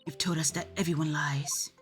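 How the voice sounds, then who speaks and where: Woman doing a soft-spoken formal young assistant. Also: little pitch movement, slightly rough, faint music behind. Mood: solemn. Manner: low, soft, formal and measured. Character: polite, earnest young female legal assistant. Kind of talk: reading game dialogue aloud.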